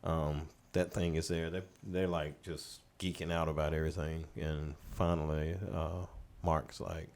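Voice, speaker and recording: Man, very low voice, middle-aged, relaxed rambling storyteller, podcast guest. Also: a little slow, creaky, few pauses. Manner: relaxed, rambling anecdotes, laughing as he tells them. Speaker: recording studio owner and producer, guest. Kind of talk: casual storytelling in a podcast interview.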